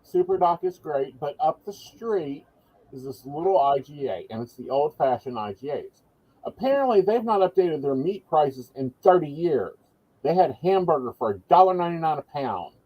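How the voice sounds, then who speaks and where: A man's voice: on the high side, sing-song, moderate pace, slightly rough, muffled recording. A man co-hosting a casual chat, making wry, dry asides. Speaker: podcast co-host, psychic.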